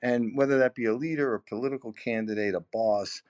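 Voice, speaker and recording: A man's voice: medium pitch, steady tone, brisk, darkish tone. A middle-aged man talking sales on a podcast, emphatic and full of repeated words, his voice swinging up and down as he makes his points. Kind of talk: animated conversational podcast talk.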